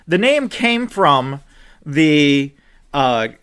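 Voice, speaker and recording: A young man hosting a casual podcast, ranting with animated outbursts, swearing, and swinging between loud shouts and low muttering. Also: drawn-out words, clear, resonant tone. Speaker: podcast co-host.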